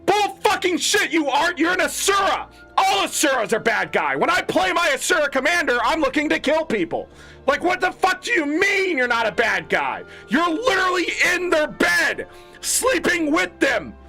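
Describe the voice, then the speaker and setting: A man's voice: very high-pitched, big pitch swings, normal speed, creaky, pushed and bright, faint music behind. A man giving a casual, profane, exasperated gaming rant as a content creator.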